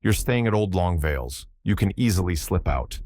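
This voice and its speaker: A man voicing an older baronet who is overbearing and lecherous, with a husky, pushy way of talking. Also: sits low, expressive, normal speed, a little mellow, dry recording, clean studio sound. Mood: domineering.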